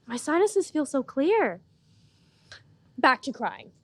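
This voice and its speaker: A young woman hosting a podcast, chatting in a deadpan, mock-earnest, playful way. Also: sits high, takes it slowly, no room sound. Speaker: podcast host. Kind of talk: casual comedic podcast chat.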